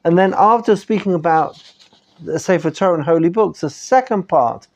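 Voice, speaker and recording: A man's voice: high voice, expressive, normal speed. A man with a British accent teaching a live class as a rabbi, polite and orderly, laying out the lesson plan. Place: study hall.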